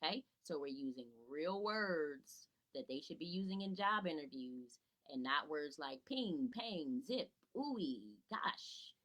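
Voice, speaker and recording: Here a woman tutor and educator gives parents a relaxed live lesson from her home, her low-pitched voice animated and fairly bright, moving at a measured pace with few pauses. Chatty and casual, she says hello to viewers by name and answers her own rhetorical questions. Audio is poor.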